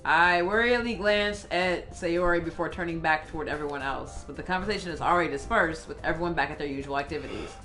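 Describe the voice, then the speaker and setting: A young woman co-hosting a casual game playthrough, reading narration aloud, often exasperated and quick to laugh. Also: deep voice, fairly bright tone, faint music behind. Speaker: co-host, game reader.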